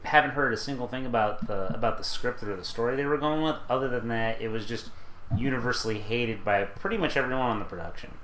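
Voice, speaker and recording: Brief: bright, sharp-toned man, emphatic and excitable co-host, echoey room. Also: mid-range voice, fast talker, a little hiss or hum. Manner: emphatic, excitable, says dude a lot. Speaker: podcast co-host. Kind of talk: casual chat.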